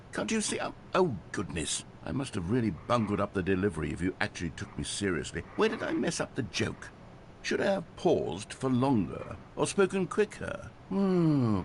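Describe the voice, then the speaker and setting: A chatty, self-doubting video game narrator. His voice leaps around with huge, animated swings in pitch and a theatrical, fretful manner. A steady noise hums underneath.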